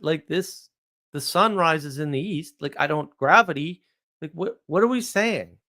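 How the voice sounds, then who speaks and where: A man hosting a live stream monologue, blunt and ranting, asking rhetorical questions and answering them himself. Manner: blunt, ranting, animated pitch swings.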